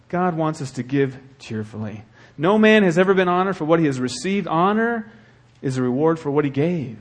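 A man preaching a sermon as the church's pastor, swinging between hushed, earnest talk and loud, fervent exhortation. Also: on the high side, big pitch swings, normal speed, hardly any pauses.

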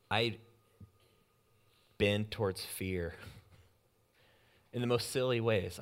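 A young man preaching a sermon, swinging between loud urgency and quiet emphasis and acting out anxious inner voices with humor. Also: fairly low pitch. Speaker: pastor.

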